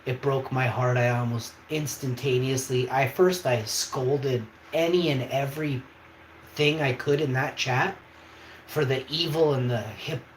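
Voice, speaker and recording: A man's voice: medium pitch, fairly even intonation, measured pace. A man hosting a livestream, talking in an emphatic, rambling way and often checking in with his viewers. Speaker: livestream host. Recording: echoey room, faint background noise.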